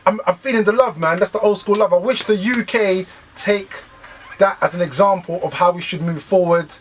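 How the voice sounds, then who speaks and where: A man's voice: high voice, normal speed, slight background noise. A man hosting a radio interview, hyping an MC and chatting. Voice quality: energetic hype calls. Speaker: radio host. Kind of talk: hype-man banter and interview chat.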